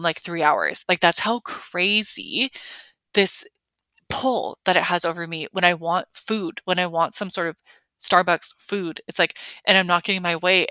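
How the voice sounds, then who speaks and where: A woman's voice: lowish voice, pushed and bright, dry recording. A young adult woman hosting a podcast, talking casually and emphatically with lots of fillers. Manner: chatty, filler-heavy, emphatic. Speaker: podcast host. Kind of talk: casual confessional chat.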